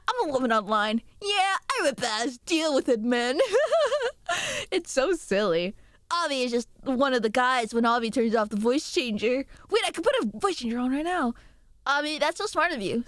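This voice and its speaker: A young woman streams and talks casually with her viewers, giggling often. Her voice sits a little high and leaps around with lively swings of pitch. The sound is dry and close, with no room around it. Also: no echo. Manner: giggly and animated, quick jumps in pitch. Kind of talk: casual chat reading viewer messages.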